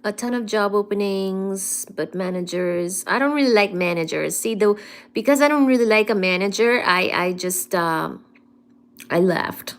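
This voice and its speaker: A woman's voice: medium pitch, normal speed. A woman hosting a casual science live stream from home, playfully greeting viewers, reading their comments aloud and calling them darling. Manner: affectionate, calls viewers "darling".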